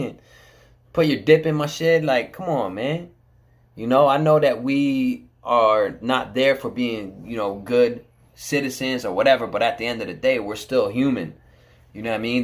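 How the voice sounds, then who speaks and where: A man telling a camera about his time in prison, in casual, blunt street talk full of swearing. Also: mid-range voice.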